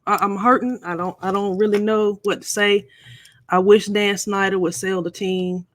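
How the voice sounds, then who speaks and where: A woman's voice: mid-range voice, steady tone, moderate pace, no echo. Chatty middle-aged woman hosting a live stream. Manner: chatty, playful teasing, addresses viewers directly. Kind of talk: casual live stream chat.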